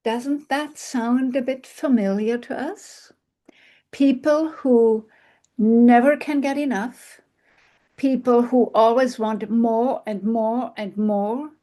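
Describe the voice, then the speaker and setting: A woman tells a classic fairy tale aloud, taking her time with each phrase. Her voice sits a little high, and she drops into hushed tones and soft sighs for effect. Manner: slow, expressive, with soft sighs and hushed passages. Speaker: storyteller. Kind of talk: oral fairy-tale storytelling.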